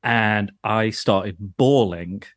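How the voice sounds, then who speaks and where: Speaking extremely slowly in a fairly low voice, a man co-hosts a podcast, chatting casually with plenty of rambling, self-deprecation, swearing, and laughter. He's an adult who grew up in the nineties, and the recording is studio quality with no room sound.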